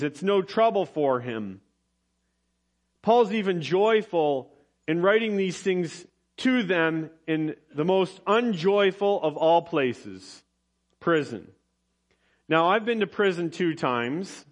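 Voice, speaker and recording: A man preaching a sermon to his congregation, explaining scripture with light personal humor and emphatic repetition. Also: on the high side. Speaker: pastor.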